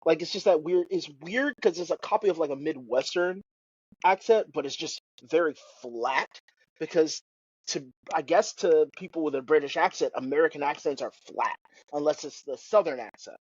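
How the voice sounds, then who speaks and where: A man with a fairly high, husky voice talks loosely on a podcast. He rambles, swears freely and lets his sentences trail off. The recording is dry and dull, like a cheap lo-fi mic. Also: normal speed, no echo. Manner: rambling, profane, trails off mid-thought. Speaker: podcast co-host. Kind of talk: casual chat.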